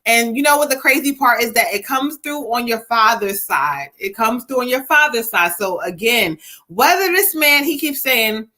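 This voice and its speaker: Bright-voiced woman doing a live tarot reading. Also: on the high side, lively intonation. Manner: casual, slangy, talks aloud to spirits between long pauses. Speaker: tarot reader and spiritual medium.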